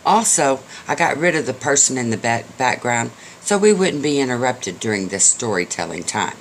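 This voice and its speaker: An older man's casual, folksy storytelling comes across as chatty and full of jokes, spoken at normal speed. His middle-pitched voice swings widely in pitch, and a faint background hiss sits beneath the recording.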